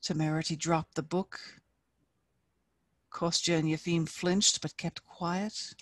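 A woman author reading her own fiction aloud at a live event, with measured, expressive narration. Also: on the low side, no echo. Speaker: featured author.

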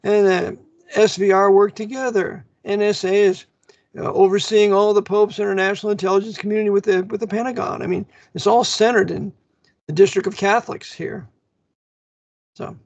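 Gravelly guy with a high voice, husky, jumps in to correct stuff, dry muffled audio. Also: little pitch movement, normal speed, dry recording. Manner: emphatic, cuts in with corrections and asides. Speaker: guest. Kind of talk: casual conversation.

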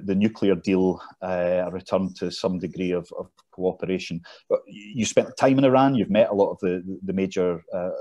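Deep, mellow-voiced male interviewer. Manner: friendly, probing questions with hesitations. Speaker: interviewer, think-tank director. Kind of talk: conversational interview over video call. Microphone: video call.

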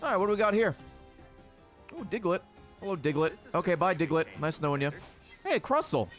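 Excitable, swearing man voicing game commentary. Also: high voice, brisk, faint music behind. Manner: excitable, swears a lot, talks to game creatures. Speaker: let's play host.

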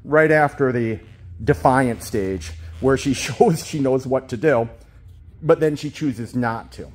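Husky man explaining dog training. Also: slow. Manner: switches between calm explanation and high-pitched baby talk praising the dog. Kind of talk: casual training lesson filmed on a handheld camera. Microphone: handheld camera.

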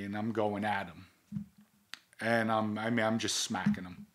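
A man with a low voice and a New York accent, retelling an old episode for an interview. He talks bluntly, swears freely and plays out each exchange in quoted dialogue. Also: fairly even intonation, a little slow, fairly bright tone. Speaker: interview guest. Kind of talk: casual storytelling.

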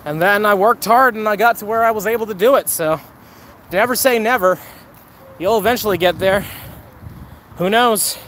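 Man streaming outside, high voice, upbeat, chatty, thanks his viewers, faint street noise. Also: moderate pace, long pauses, fairly bright tone. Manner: upbeat and chatty, thanking donors, joking sarcastically. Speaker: live-streaming mobile game player. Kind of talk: casual live-stream chat, reading viewer comments.

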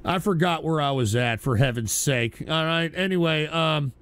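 A man's voice: fairly high pitch, unhurried, fairly bright tone. A man hosting a live online radio show, ranting in exasperation and swearing at his chat. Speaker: livestream radio show host. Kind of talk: profane live stream rant.

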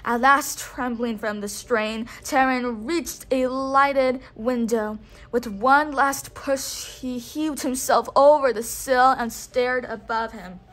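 High-pitched lady reading a story aloud, expressive, gets the kid to repeat words. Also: slow pace. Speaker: storybook reader. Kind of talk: read-along storytelling for a child.

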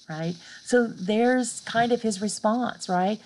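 A woman's voice: on the high side, slow pace, hardly any pauses, darkish tone, slight background noise, rough recording. A woman giving a recorded literature lecture over slides, explaining in a casual way and checking in with a frequent "right?". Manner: casual teaching with fillers.

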